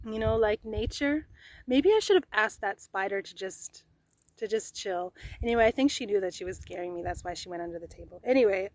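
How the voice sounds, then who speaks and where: A woman host giving a casual tarot reading, excitable and chatty, swearing now and then. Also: fairly high pitch. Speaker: tarot reader. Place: outdoors in nature.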